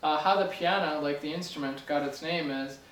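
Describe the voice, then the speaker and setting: A man's voice: a little high, moderate pace, fairly bright tone. A man teaching music theory in a casual, chatty way, full of fillers, joking and correcting himself as he goes. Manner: chatty, filler-heavy, playful and self-correcting. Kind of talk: casual explanatory lesson. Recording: roomy sound from a distance, faint hiss.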